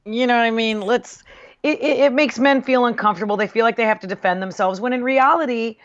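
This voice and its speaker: A woman in casual conversation, speaking in a measured, thoughtful way with hesitant fillers. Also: fairly high pitch, highs cut off. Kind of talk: casual chat.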